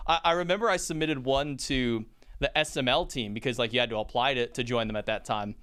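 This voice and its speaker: A man telling stories in a casual chat. He talks quickly and rambles, with plenty of fillers and restarts. His voice is clear and crisp. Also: medium pitch, a bit bright. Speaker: esports caster and podcast guest.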